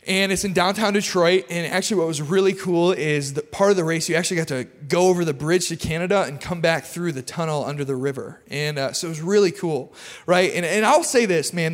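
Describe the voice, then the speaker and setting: A man preaching a casual, energetic sermon, chatty and full of self-deprecating humor. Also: high-pitched, in a large hall. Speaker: pastor. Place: church auditorium.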